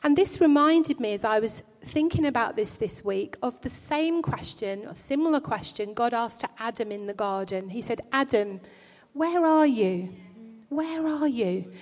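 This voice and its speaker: A woman preaching a sermon in a church, speaking earnestly and gently in a pastoral way, often restarting her phrases. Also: fairly high pitch, normal speed, hardly any pauses. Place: church hall. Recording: long hall reverb.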